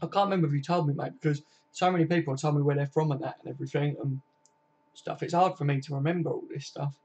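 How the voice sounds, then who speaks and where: A football-fan streamer in his 20s from Kent, England, chats casually on a live stream, reading viewers' comments aloud and replying to each by name while swearing freely in a laid-back, matey manner. His fairly high voice is fast and fairly even in intonation, a little mellow and slightly rough. The stream audio is dull and lo-fi.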